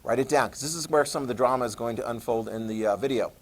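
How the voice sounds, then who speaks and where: Animated male history teacher lecturing. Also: mid-range voice. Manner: animated storytelling, acts out leaders in quick voices; repeats key terms for note-taking. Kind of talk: classroom lecture.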